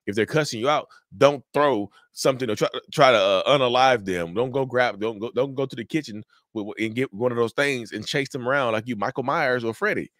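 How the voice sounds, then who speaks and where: A man's voice: medium pitch, fairly quick, hardly any pauses, fairly bright tone, no echo, studio quality. A man hosting a mental health channel, talking casually to viewers and often repeating himself. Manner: conversational, repeats himself, addresses viewers as y'all. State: sleepy, yawning. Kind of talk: casual talk to camera.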